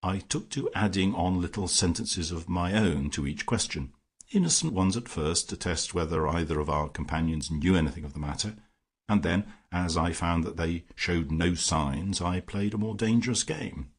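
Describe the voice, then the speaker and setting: A man narrating a classic detective story in the first person, measured and even. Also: low-pitched, slightly rough. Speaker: audiobook narrator.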